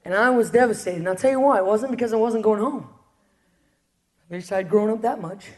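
A woman giving a lively spoken testimony to an audience, acting out the people in her story and laughing often. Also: mid-range voice, a little fast. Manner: animated storyteller, acts out quotes, laughs often. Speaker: ministry speaker sharing testimony.

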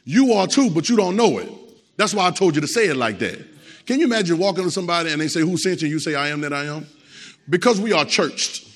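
A man's voice: high voice, big pitch swings, fast talker. A man preaching a Sunday sermon, emphatic and repetitive, calling out to the congregation. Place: church. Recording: long church hall reverb.

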